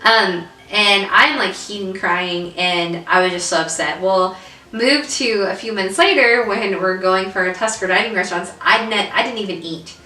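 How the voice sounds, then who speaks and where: A young woman with a bright, forceful voice tells an emotional story in a casual vlog, full of "um" and "like". She sits some way back from the mic. Her voice rings in a roomy space. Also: mid-range voice, normal speed, distant mic. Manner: emotional storytelling with many fillers. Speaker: vlog co-host. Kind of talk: casual chat. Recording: roomy echo, away from the mic.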